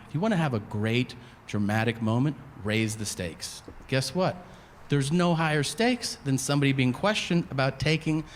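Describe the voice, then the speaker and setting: A man doing stand-up comedy, telling stories in an animated, profane way. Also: mid-range voice, big-room sound, a little hiss or hum.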